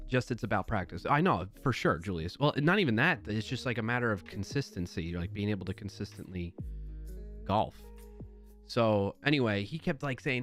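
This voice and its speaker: Brief: chatty man in his thirties, lowish voice, rambling livestream anecdote, soft music under him. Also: animated, fairly quick. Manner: chatty and rambling, with fillers and restarts. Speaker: livestream host. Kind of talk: casual storytelling. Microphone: desk mic at a livestream.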